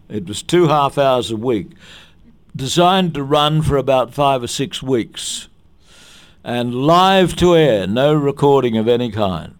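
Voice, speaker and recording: A man's voice: medium pitch, lively intonation, unhurried. Older Australian man telling showbiz stories. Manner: anecdotal and chatty, with restarts and quotes acted out in other voices. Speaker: veteran actor, interviewee. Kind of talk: reminiscing interview.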